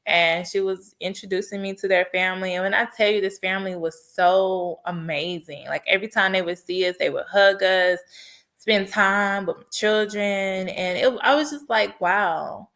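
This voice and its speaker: A woman's voice: mid-range voice, fairly even intonation, normal speed, fairly bright tone. A woman podcast host telling a personal story in an earnest, heartfelt way and offering faith-based encouragement. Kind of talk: personal testimony monologue.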